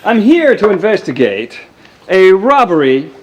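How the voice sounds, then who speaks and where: An earnest police detective in a sitcom, speaking slowly and formally. His voice rises and falls widely as he works things out, a touch higher than most men. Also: highs cut off, very noisy. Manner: formal, animated, slow and deliberate. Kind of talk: sitcom acting.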